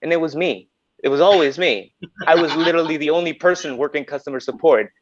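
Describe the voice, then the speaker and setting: A man's voice: a little high, fast, a crowd in the background. A man from Honduras whose first language is Spanish, a podcast guest chatting playfully and fond of putting on voices. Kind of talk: casual chat. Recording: dull dry lo-fi audio.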